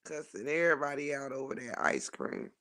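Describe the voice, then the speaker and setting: A man telling a funny story to his chat in a casual, animated way, swearing freely and laughing often. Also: medium pitch, a little fast, vocal fry. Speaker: livestream host reading chat.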